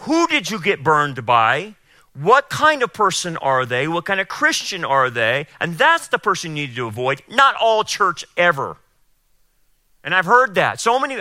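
A man preaching and teaching the Bible, emphatic, acting out quotes in a raised voice and then explaining calmly. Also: a little high, moderate pace, no room sound, studio quality. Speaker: pastor.

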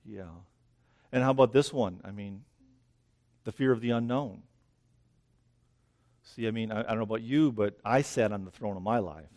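This preacher speaks in a lowish, darkish voice at a moderate pace, pausing often. Standing outdoors by thick greenery, he's a bit breathless and keeps the sermon conversational, asking "right?" again and again.

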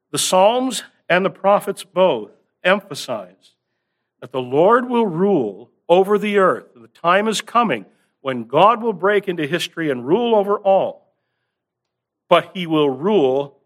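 Earnest male preacher, slightly high voice. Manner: earnest, builds emphasis with rising stress and drawn-out words. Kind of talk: sermon.

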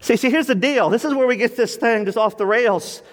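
A man's voice: very high voice, a little fast. Impassioned preaching man in a reverberant church. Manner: impassioned preaching, pleading prayer. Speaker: pastor. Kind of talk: sermon.

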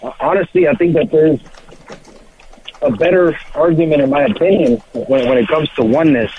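A man calling into a radio show, asking his question hesitantly with many pauses. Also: fairly high pitch, a little hiss or hum. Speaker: caller. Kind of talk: phone-in question. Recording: tinny phone line.

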